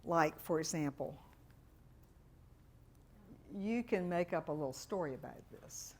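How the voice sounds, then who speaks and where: A middle-aged woman, a fundraising consultant giving a workshop talk and telling animated stories with quoted voices. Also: deep voice, measured pace, long pauses.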